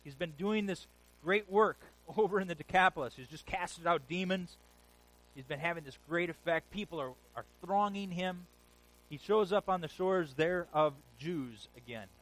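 A man preaching a sermon, retelling scripture stories in a lively, casual modern way. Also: high voice, moderate pace, poor audio. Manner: animated storytelling, paraphrasing scripture in casual modern speech.

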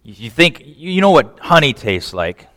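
A man preaching a sermon in animated style, often repeating words and asking the listeners questions. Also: mid-range voice, unhurried. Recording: long hall reverb.

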